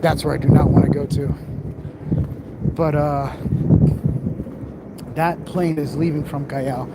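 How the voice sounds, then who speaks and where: A man's voice: on the high side, fairly even intonation, unhurried. A man live-streaming while he walks city streets at night, chatting casually and reading viewer comments aloud into his phone camera. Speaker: livestream vlogger. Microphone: handheld phone camera. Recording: street noise behind.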